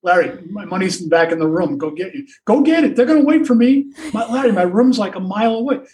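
A brash, boastful basketball star crows and needles his teammates in a voice pitched well above the teller's own, as a man acts him out. He sounds a little distant from the mic. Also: animated, fast talker, a little mellow. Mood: gloating. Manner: gloating, needling, insistent.

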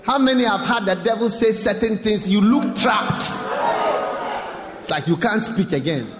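Male preacher, lively swooping delivery, slightly high voice, repeats himself for emphasis, reverberant hall. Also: normal speed, over music. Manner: emphatic, repetitive, rhetorical questions to the congregation. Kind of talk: sermon. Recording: echoey hall with faint ambience.

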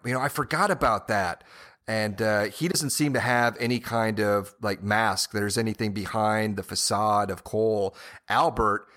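A man's voice: fairly low pitch, fairly bright tone. A man co-hosting a podcast, talking casually and at length about a TV series, with many "you know"s and small restarts. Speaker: podcast co-host. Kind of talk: casual TV-show discussion.

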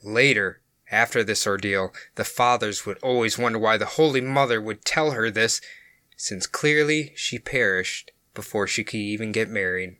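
A man's voice: lowish voice, moderate pace, bright, forceful tone, dry recording, clean studio sound. A man hosting a podcast, narrating a case in a casual, amused way. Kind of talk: storytelling narration.

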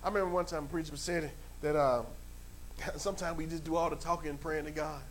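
A male pastor with a New York accent, preaching a sermon that swings from quiet asides to loud, fervent exhortation, with repeated phrases and frequent fillers. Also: a little high, fairly even intonation, fairly quick, slight background noise.

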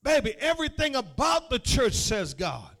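A male pastor preaching a sermon in a call-and-response style, building from spoken lines to shouted, sung-out phrases. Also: extremely high pitch, wildly swooping pitch, moderate pace.

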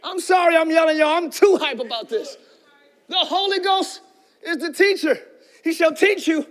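Speaking at a moderate pace in an extremely high pitch, this male pastor delivers a fervent sermon. He often shouts and calls out to his congregation.

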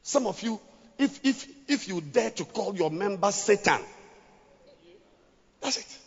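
A man preaching a sermon to pastors, dropping to hushed scripture reading and rising to shouted exhortation. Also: sits high, lively intonation, unhurried, vocal fry, slightly rough. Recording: lo-fi with long hall reverb.

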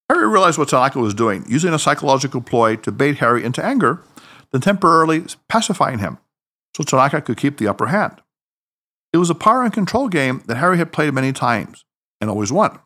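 A man narrating an audiobook story in an expressive, dramatic reading style. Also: mid-range voice, fairly quick.

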